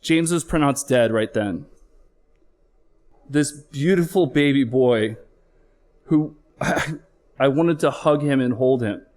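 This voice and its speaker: A middle-aged man recounts a personal story before an audience, speaking candidly and earnestly. His voice sits at an ordinary middle pitch. Emotion rises and falls as he talks. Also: takes it slowly, long pauses, darkish tone. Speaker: flight paramedic. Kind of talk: personal story told live on stage.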